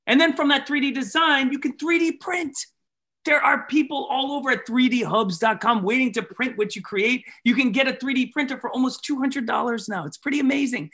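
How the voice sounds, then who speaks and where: A man performing a magic show for children, animated and leading the audience in call-and-response. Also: extremely high pitch. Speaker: maker magician giving keynote.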